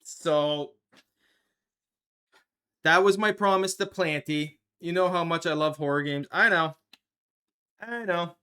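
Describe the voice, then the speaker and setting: A man's voice: on the high side, slow pace, long pauses, sharp tone, clean tone. A man hosting a live stream, chatting casually with his viewers and laughing often at a desk microphone. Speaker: livestream host.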